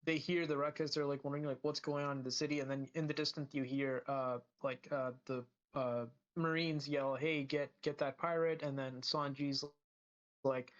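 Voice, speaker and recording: A man's voice: mid-range voice, flat delivery, moderate pace, highs cut off. A man co-hosting a podcast, recapping an episode casually with lots of fillers and restarts. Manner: rambling, full of fillers and restarts. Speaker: podcast co-host.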